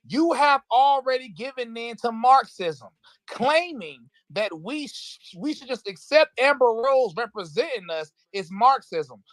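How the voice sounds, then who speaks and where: A man's voice: extremely high pitch, fairly bright tone, dry recording, low-quality recording. Fiery man ranting on a live stream. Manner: impassioned, laughing, fast bursts with repeated restarts. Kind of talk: heated political talk.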